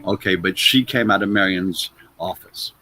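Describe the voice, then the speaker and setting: Bright-voiced man spinning anecdotes. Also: low voice, moderate pace, slight background noise. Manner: animated, loose, trails off with "blah, blah". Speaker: actor and interview guest. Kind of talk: anecdotal interview storytelling.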